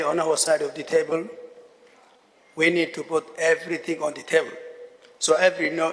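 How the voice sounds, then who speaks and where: A man, a government minister, giving a formal conference speech, measured and repeating key phrases for emphasis. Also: on the high side, fairly bright tone. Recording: long reverb of a large hall.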